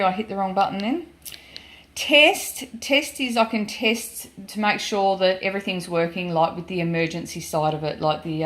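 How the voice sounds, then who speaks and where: An Australian woman vlogger chatting casually and emphatically through a product demonstration, with many ums. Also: mid-range voice. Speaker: gold prospecting vlogger.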